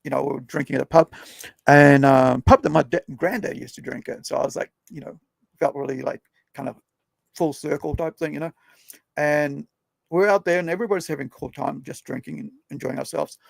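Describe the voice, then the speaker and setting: In a dry recording, a young man hosting a podcast talks a little fast in a fairly high voice with vocal fry. He tells loose, rambling stories in a casual chat, often tagging his sentences with questions.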